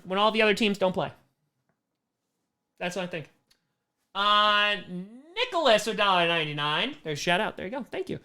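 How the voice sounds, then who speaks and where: A man running a casual livestream Q&A as a comedian, reading questions off the screen and firing back joking answers. His voice is bright and forceful, with a loose, self-mocking manner that often trails into a laugh. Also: high-pitched. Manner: reads fan questions aloud and answers with quick jokes. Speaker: comedian hosting a fan Q&A stream.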